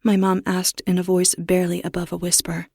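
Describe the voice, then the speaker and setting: A woman reading a first-person horror story as narrator, steady with a tense edge. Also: lowish voice, a little fast, vocal fry, husky, no echo, studio quality.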